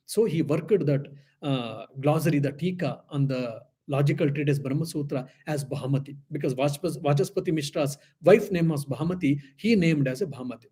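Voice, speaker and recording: Husky, mellow-voiced monk telling a story. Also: male voice, on the high side. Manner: unhurried storytelling, repeating phrases. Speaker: monk teaching scripture. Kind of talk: spiritual lecture.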